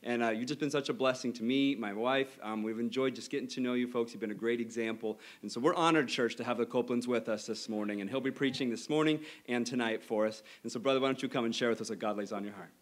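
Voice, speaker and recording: A man's voice: mid-range voice, fast, few pauses. A man, the church's pastor, introducing a guest preacher in a friendly way with light teasing. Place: church sanctuary.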